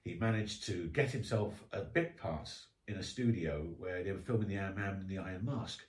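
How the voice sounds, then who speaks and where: Brisk male guest, rambling storyteller, roomy distant sound. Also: low-pitched. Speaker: author and historian guest. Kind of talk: casual podcast chat. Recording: echoey room, distant mic.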